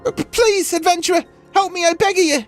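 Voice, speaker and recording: A man voicing a frightened young refugee woman in a put-on Cockney accent, pleading in a high voice. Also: brisk, fairly bright tone, faint music behind.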